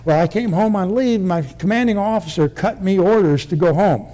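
A man's voice: high-pitched, normal speed, mellow. An older man, a military veteran, recounting his past in a rambling, vivid oral-history style with many restarts.

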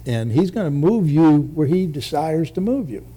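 A man preaches his church testimony in a folksy, joking way, rambling from one thought to the next. His voice is mellow and warm. It sits a little higher than most men's. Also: very animated, normal speed.

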